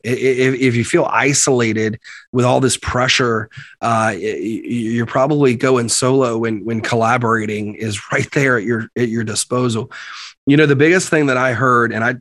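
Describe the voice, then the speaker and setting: A man hosts the conversation, picking up on his guest's points in a reflective, halting way. His voice sits at an average pitch, and the sound is dry and close with no room echo. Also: steady tone, fairly bright tone. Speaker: interview host. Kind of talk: conversational interview.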